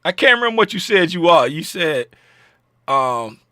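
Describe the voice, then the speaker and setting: A man hosting a trading livestream in casual chat, joking around and shouting out viewers in chat by name. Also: on the high side, very animated, moderate pace, no echo, clean studio sound.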